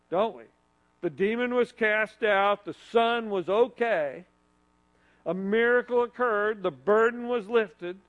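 High-voiced earnest preacher. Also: male voice, poor audio. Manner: leads the congregation in call-and-repeat phrases. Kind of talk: sermon.

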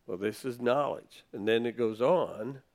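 A man's voice: mid-range voice, unhurried, darkish tone. A man preaching a conversational sermon, reading scripture and retelling it in casual everyday words. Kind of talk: sermon teaching.

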